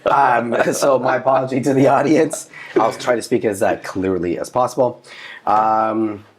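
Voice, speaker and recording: A man hosting a podcast interview, slightly hoarse after yelling the day before, relaxed and joking. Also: mid-range voice, a little hiss or hum. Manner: relaxed, joking, quick affirmations. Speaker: podcast host. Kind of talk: casual interview.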